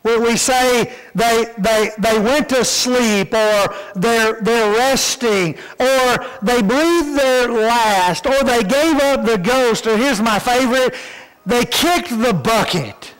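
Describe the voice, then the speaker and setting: A man's voice: very high-pitched, slow pace, fairly bright tone. A man preaching a sermon in a folksy way, often repeating words as he starts a sentence. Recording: church hall reverb.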